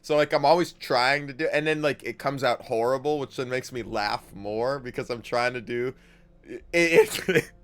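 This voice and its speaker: A man's voice: medium pitch, moderate pace. A young man livestreaming a game, joking profanely and laughing often. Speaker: streamer. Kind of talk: casual gaming livestream chat.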